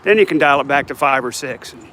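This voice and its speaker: An older man walking a city street chats into the phone he's holding, vlogging casually and rambling with self-mocking jokes. His medium-pitched voice is bright and forceful, quick-paced with lively intonation, over slight background noise.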